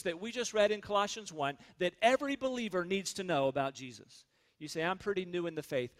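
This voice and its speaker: A male pastor preaching a sermon with emphatic stresses and quiet drops. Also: high-pitched, expressive, a little fast. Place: church sanctuary.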